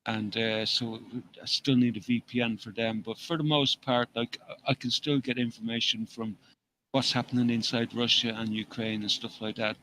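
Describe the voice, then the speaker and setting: Bright-voiced foul-mouthed man. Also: medium pitch, steady tone, normal speed, a little hiss or hum, rough recording. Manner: foul-mouthed, mocking, laughs at his own jokes. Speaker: co-host. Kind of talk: casual live-stream chat.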